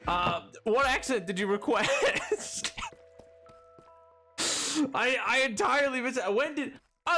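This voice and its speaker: A man streaming live, chatting casually in a rambling, excitable way full of fillers and restarts. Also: high-pitched, a little slow, faint music behind.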